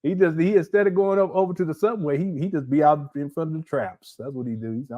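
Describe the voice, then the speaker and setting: A man's voice: fairly high pitch, fast, lo-fi sound. A man hosting a casual livestream, teasing and laughing as he reacts and reads viewer chats aloud. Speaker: livestream host.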